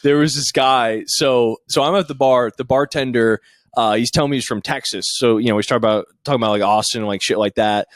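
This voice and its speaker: A man's voice: mid-range voice, brisk, no echo. Young man, podcast co-host, rambling anecdotes, dry close mic. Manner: rambling, filler-heavy storytelling with voiced impressions. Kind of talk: casual storytelling chat.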